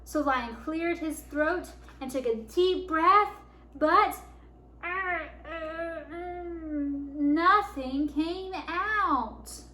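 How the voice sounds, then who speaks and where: A woman librarian reading a picture book aloud to children, expressive and animated. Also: high voice, extremely slow. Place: library program room. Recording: echoey room, faint background noise.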